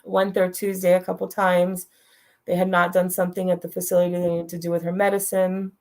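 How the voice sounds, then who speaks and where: A woman's voice: on the low side, monotone, a little fast, a little mellow. A middle-aged woman telling a personal story as a talk show guest, frank and direct, laughing now and then through hard moments.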